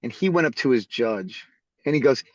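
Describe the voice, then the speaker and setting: Man telling animated stories, dry dull audio. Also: mid-range voice, moderate pace, no echo. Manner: animated storyteller who acts out the voices in his stories. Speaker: podcast guest. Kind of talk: casual storytelling interview.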